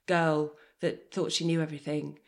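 A woman's voice: low-pitched, normal speed, gravelly. A woman in her thirties, a guest, talking candidly and with energy in a conversation, now and then swearing. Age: 30s. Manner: energetic and emotionally open, swears.

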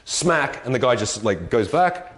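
A man casually telling an animated, profane travel story in conversation. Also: mid-range voice, a little slow. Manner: animated storyteller, swearing, voices others.

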